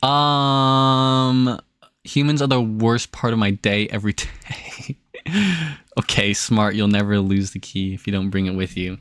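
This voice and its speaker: A young man chatting casually on a livestream, rambling and excitable with many restarts. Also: on the low side, a little slow, clean tone, no room sound. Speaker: streamer.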